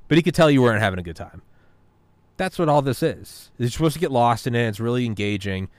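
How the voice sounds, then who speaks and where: A man's voice: mid-range voice, lively intonation, fast talker, no room sound. A man in casual podcast chat, rambling, swearing and philosophizing as he talks. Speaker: podcast talker.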